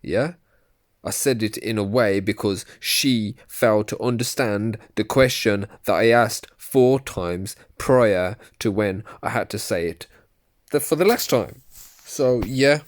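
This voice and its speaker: A man's voice: lowish voice, takes it slowly. A man giving angry, profane commentary over a recorded argument. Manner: profane, ranting, insulting. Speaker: video commentator.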